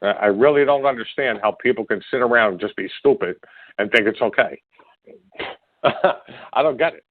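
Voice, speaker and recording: At normal speed and pausing often, a mid-range male podcast host delivers an angry, rambling monologue, stumbling over words while throwing insults around. It sounds dry and lo-fi, like a phone recording.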